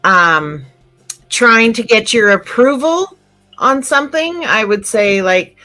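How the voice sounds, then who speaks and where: A Canadian woman chatting casually as a guest, relaxed and given to laughing at herself. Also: fairly high pitch, slow pace, soft background music. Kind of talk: casual chat.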